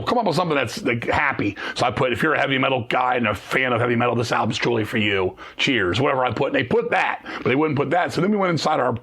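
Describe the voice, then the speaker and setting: Fast-talking, husky-voiced man swearing through a story. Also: mid-range voice. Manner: profane, rapid, animated storytelling, acting out quoted dialogue. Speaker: guest musician. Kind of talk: casual interview storytelling.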